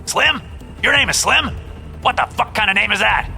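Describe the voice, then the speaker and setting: A man's voice: high voice, lively intonation, normal speed, gravelly, pushed and bright, soft background music, pitched above the performer's own voice, full character voice. A man voicing a crude, cruel young soldier who barks orders and sneers. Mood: barking.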